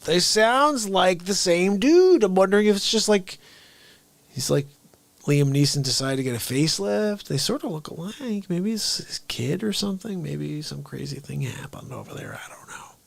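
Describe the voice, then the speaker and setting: Rambling comedian host, slightly high voice. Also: male voice, expressive, vocal fry, no echo. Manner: rambling, quick asides, drops to mumbles. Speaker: live-stream comedian and host. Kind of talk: casual chat between impressions. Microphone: streaming microphone.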